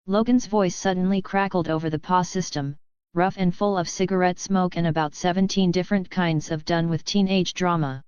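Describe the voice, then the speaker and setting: A woman reading scripted audiobook narration in an even, steady way. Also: fairly low pitch, moderate pace, clean tone, no echo, dull audio.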